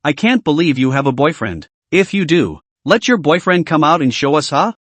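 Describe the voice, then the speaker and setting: Guy doing a smug young playboy, needling, lively pitch, dry sound. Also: normal speed, dry recording. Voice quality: provocative, needling.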